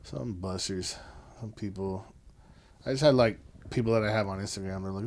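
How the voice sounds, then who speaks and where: A man's voice: lowish voice, brisk, a little mellow. A man in his thirties, a father hosting a podcast, chatting casually with his son, swearing freely and calling him "bro". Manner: laid-back, swears freely, says "bro".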